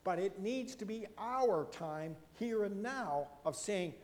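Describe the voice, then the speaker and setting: A man from Canada preaching a sermon as a pastor, an animated storyteller who moves from loud emphasis to hushed asides. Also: high-pitched, a little slow, big-room sound.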